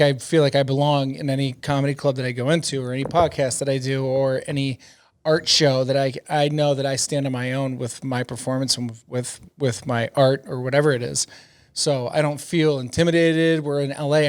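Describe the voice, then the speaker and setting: A man's voice: medium pitch, flat delivery, a little fast, clear, resonant tone. A middle-aged man, a comedian guest telling rambling, profane stories in a casual interview, laughing often.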